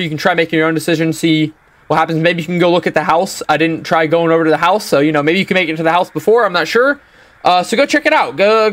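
A young man playing a horror game and reacting out loud, swearing a lot and breaking into panicky yells. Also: high voice. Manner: upbeat sign-off asking for support. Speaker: gaming YouTuber. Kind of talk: horror game let's play commentary.

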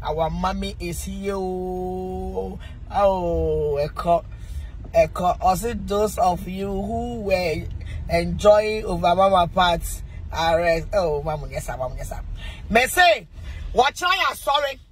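A woman's voice: lowish voice, a little slow, a little mellow, slight background noise, low-quality recording. A Ghanaian woman pastor talking casually on a phone live stream, exclaiming, reading viewer comments aloud and breaking into bits of song.

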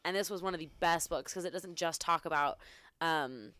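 A woman's voice: deep voice, normal speed, sharp tone, no echo. A young adult woman co-hosting a casual podcast with her father, teasing and chatty, her voice nasal from a cold. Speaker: podcast co-host, daughter. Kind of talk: casual chat.

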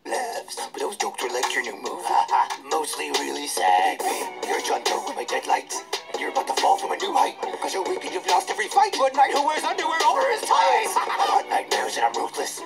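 Brief: a creepy giggling clown monster, high and leaping in pitch, heavy beat under him. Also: male voice, huge pitch swings, a little fast, gravelly, loud music behind the voice, exaggerated voice. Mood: menacing. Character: sinister sewer clown monster, male, menacing. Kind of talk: rap battle performance. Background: loud backing beat.

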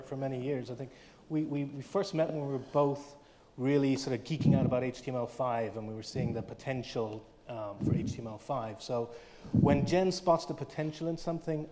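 A man hosting a conference, introducing the next speaker in a relaxed, friendly way. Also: medium pitch. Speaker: conference host.

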